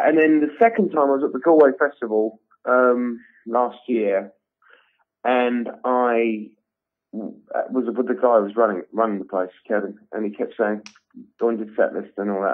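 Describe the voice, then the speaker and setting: A man, a comedian telling stories in a rambling, animated way and acting out the voices of others. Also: fairly low pitch. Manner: rambling, animated storytelling with acted-out quotes. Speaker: comedian guest. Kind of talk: casual interview chat. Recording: tinny phone-like sound.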